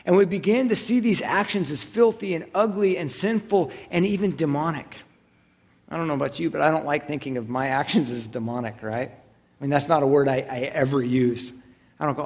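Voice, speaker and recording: A man's voice: a little high, fairly quick. A man in his thirties, a pastor giving a conversational sermon, self-deprecating and often checking in with "right?".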